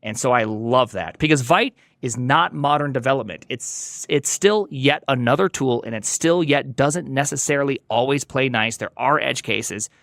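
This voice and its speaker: A man's voice: medium pitch, moderate pace, gravelly, hardly any pauses, fairly bright tone, dry recording, studio quality. A man speaking as a guest in a casual podcast conversation, emphatic and opinionated, driving points home by repeating them. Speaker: podcast guest, software engineer.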